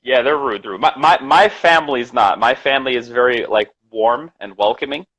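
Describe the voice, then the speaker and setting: A man's voice: medium pitch, normal speed, a bit bright, breathy edge, rough recording. A man from New York with a general American accent and a trace of New York, chatting loosely with fillers and restarts as a guest English teacher. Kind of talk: casual live-stream chat.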